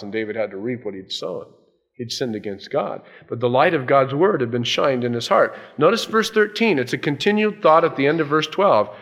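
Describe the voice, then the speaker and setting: A male pastor preaching a sermon, telling a Bible story with lively swings between loud and hushed delivery. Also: medium pitch, lo-fi sound. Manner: animated storytelling, dropping to hushed tones for emphasis.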